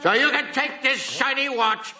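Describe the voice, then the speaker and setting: An actor playing a stern, pious elderly cartoon father who scolds gruffly. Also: extremely high pitch, expressive, moderate pace, sharp tone, reverberant, recorded from a distance, heavily acted. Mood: indignant.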